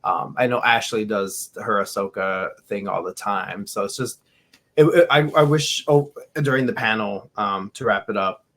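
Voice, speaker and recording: A man co-hosting a fan podcast, telling stories in an animated way with restarts. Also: on the low side, moderate pace. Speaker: podcast co-host. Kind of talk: casual podcast chat.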